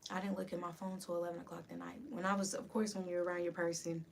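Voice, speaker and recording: A woman guest on a podcast telling an emotional personal story in an animated way, full of "like". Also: on the low side, fast talker, gravelly. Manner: animated, lots of "like", voices rising with the story. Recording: distant mic, faint room hiss.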